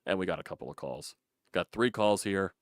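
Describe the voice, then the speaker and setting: A man's voice: low voice, lively intonation, brisk, no echo, clean studio sound. A man hosting a casual fan call-in sports show, frustrated and profane, repeating himself as he talks. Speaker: sports podcast host.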